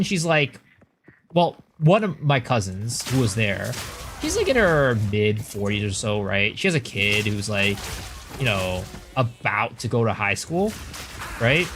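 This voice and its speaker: A young man streaming games, chatting casually and telling long rambling stories full of fillers, getting loud and exasperated when he rants. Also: medium pitch. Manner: rambling anecdotal storytelling with many fillers. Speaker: game streamer. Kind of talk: casual live-stream chat.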